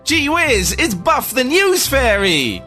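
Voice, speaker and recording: A man's voice: very high voice, wildly swooping pitch, slow, sharp tone, faint music behind, full character voice. A man playing a gee-whiz eager young gamer. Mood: wide-eyed. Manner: gee-whiz wholesome enthusiasm. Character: eager naive young male WoW fan. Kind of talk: comedy radio ad skit.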